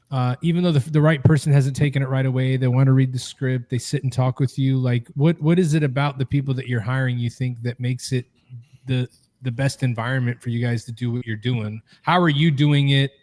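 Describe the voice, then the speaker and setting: A man hosting a podcast, asking a halting, rambling question in a casual interview. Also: mid-range voice, steady tone, a little mellow, dry recording.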